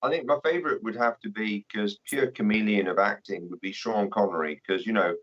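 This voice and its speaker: A wry man telling anecdotes with dry humour, his voice on the low side. The sound is dull and muffled, as if coming over a remote connection. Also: fairly quick, fairly bright tone. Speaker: podcast guest, author. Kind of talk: casual chat.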